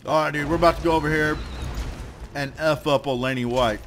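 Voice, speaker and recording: A man's voice: a little high, steady tone, brisk, a little hiss or hum. Cursing young man playing a game. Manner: swears often, trash-talks enemies; yells in frustration when hit. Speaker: let's play gamer. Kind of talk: gameplay commentary. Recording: game music playing behind.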